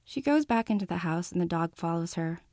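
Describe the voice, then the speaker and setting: A woman reading her own novel aloud, calm and measured in first person. Her voice sits lowish and mellow, and the recording is close and dry with no room around it. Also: dry recording. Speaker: author.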